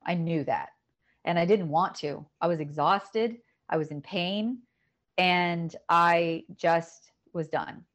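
A middle-aged woman telling a painful personal story in a podcast conversation, emotional and halting, often repeating words. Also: lowish voice. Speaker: podcast guest.

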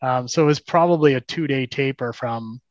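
A man in an interview, telling his story haltingly with frequent repeats and a self-deprecating tone. His voice sits at an ordinary pitch. The recording is dry and somewhat dull, like a lo-fi mic. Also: no echo. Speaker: guest.

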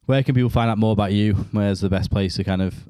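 A man hosting a casual interview, easygoing and relaxed, laughing along with his guest. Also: fairly low pitch, fast talker, clean tone, no room sound, studio quality. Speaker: podcast host.

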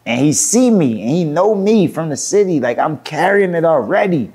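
A man with a fairly high voice spins a street story as an interview guest. He slips into the voices of the people in it and swears casually as he goes. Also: very animated, normal speed, a little mellow, breathy edge. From Philadelphia. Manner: acts out quoted voices, laughing and cursing as he tells it. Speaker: rapper guest. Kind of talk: animated storytelling.

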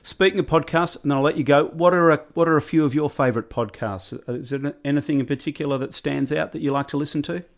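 A man hosting a podcast in a relaxed, conversational way. He fills pauses with ums and uhs as he asks his guest questions. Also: fairly high pitch. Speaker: podcast host. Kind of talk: casual interview chat.

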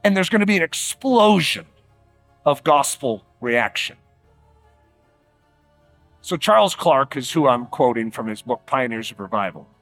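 A man preaching a sermon, emphatic and conversational, slowing down for dramatic words and dropping quiet at times. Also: mid-range voice, dry recording, soft background music. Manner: animated, emphatic, with dramatic slowdowns and quiet drops; conversational fillers like "like" and "uh".

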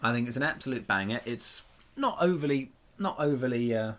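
With an expressive, fairly bright medium-pitched voice and a slightly fast pace, this Norfolk, England man hosts a podcast. The talk is casual and rambling, full of jokes and frequent laughter.

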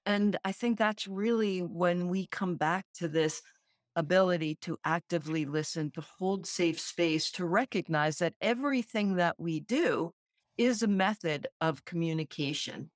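Jersey woman on a podcast, lowish voice, dry sound, thoughtful and laughs a lot. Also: unhurried, no room sound. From New Jersey. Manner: reflective, laughs often. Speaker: podcast co-host. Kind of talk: conversational podcast chat.

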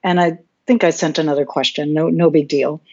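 A woman's voice: low-pitched, fairly even intonation, fairly quick, darkish tone, slightly rough, highs cut off. A woman guest telling a candid personal story, open and reflective, often restarting her sentences. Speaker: podcast guest.

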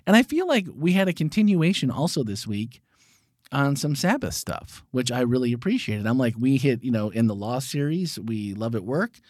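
A male podcast host chatting casually in a playful way, his pitch moving up and down a lot. The sound is dry and close, with no room echo. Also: normal speed. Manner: animated, playful, jokes and mock voices.

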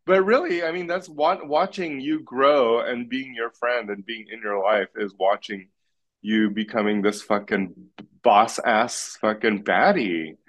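A man's voice: mid-range voice, unhurried, a bit bright, muffled recording. A man in casual podcast chat, blunt and teasing, swearing freely as he talks. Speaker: podcast guest.

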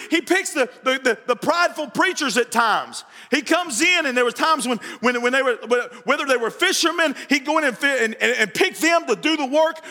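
A man preaches a lively sermon in a very high, bright voice. He breaks into jokes and acts out quoted voices. The sound carries a long church-hall reverb. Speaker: pastor.

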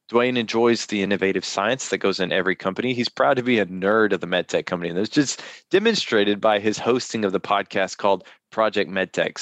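A man's voice: on the low side, fairly bright tone, no room sound. A man hosting a podcast, talking in a friendly, chatty way and introducing his guest. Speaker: podcast host. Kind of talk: casual podcast interview.

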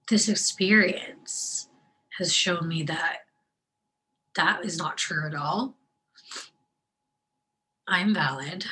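A woman in a personal video diary, tearful and crying as she talks, halting and soft, often dropping to a breathy whisper. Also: low-pitched, low-quality recording. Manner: slow, hesitant delivery with long pauses. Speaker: vlogger sharing her faith.

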